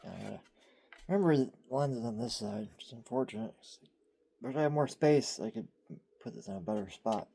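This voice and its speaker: Man, gravelly, soft half-whisper, hesitant, self-deprecating, lively pitch, craft narration. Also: brisk, slight background noise. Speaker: hockey stick tape crafter.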